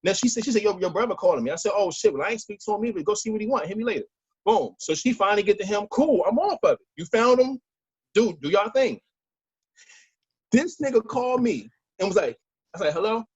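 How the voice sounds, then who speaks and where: A man's voice: sits high, lively intonation, quick pace, darkish tone, husky, dry recording, lo-fi sound. A man telling a long story in a casual podcast chat, acting out phone calls as he goes. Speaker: podcast co-host.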